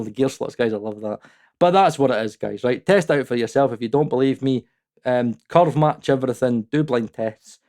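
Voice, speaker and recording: A man's voice: mid-range voice, a little mellow. A man hosting his own audio-mixing channel, giving a blunt, heated, opinionated review, swearing freely and laughing at himself now and then. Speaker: mixing engineer and channel host.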